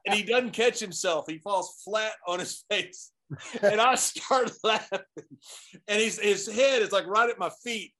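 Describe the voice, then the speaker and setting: A former wrestler with a high-pitched voice spins a funny road story. He teases his partner and laughs through the telling. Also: measured pace, sharp tone. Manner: playful, teasing, laughs through stories. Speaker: former pro wrestler, guest. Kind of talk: casual storytelling chat.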